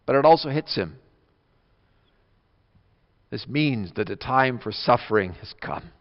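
A pastor preaching an earnest, emphatic sermon, his voice swinging between soft and loud. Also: medium pitch, animated, measured pace. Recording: dull lo-fi audio with long reverb.

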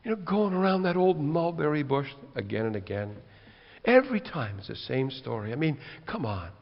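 Male pastor, fairly high voice, impassioned sermon, long church reverb, dull lo-fi sound. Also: sing-song, moderate pace. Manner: impassioned, swings between loud rhetorical questions and quiet earnest passages.

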